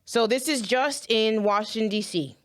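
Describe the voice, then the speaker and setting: A woman's voice: on the high side, moderate pace. A woman giving impassioned commentary straight to her viewers, earnest and close to tears, repeating herself as she speaks. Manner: earnest, emotional, addresses viewers directly, repeats phrases. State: holding back tears.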